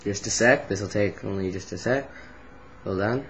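A man's voice: lowish voice, moderate pace, a bit bright, muffled recording, slight background noise. A man clowning around in front of his webcam at a home computer, talking playfully and sillily to the camera. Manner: playful, silly, talks to the camera. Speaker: home video maker.

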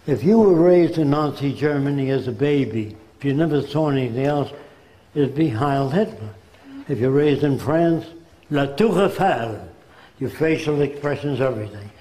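A man's voice: fairly high pitch, warm tone. An older man from the United States giving an earnest public lecture in a hall. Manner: earnest, lecturing, slips into quick impressions. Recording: echoey hall.

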